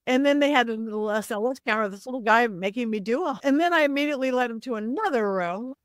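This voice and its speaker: A middle-aged woman with a fairly high voice tells a long, animated story as a guest. Her pitch jumps around as she acts out the people in it. The sound is dry and close. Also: fast, dry recording. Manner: acts out voices in quotes, lively swings of pitch. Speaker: psychic medium guest.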